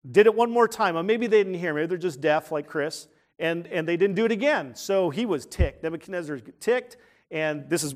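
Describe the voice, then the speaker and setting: A man preaching a sermon in a conversational way, asking the congregation questions and dropping to a hushed tone for serious points. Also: sits high. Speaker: pastor.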